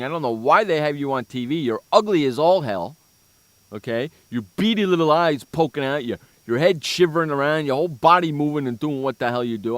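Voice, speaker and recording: Loud mocking sports radio man. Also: fairly high pitch, dry recording. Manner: mocking, insulting, loud bursts. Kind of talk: comedic sports talk rant.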